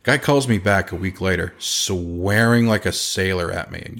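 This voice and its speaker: A man with a fairly low voice tells a loose, rambling story about his trade. He talks casually, restarts his sentences and leans into the telling. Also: normal speed, few pauses. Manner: lively, acts out other people's lines in changed voices. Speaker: chimney company owner.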